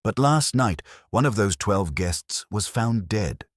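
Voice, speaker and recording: A man voicing a frightened, elegant woman of about thirty who speaks in a low, anxious voice while keeping her composure under strain. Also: expressive, takes it slowly, no room sound, studio quality.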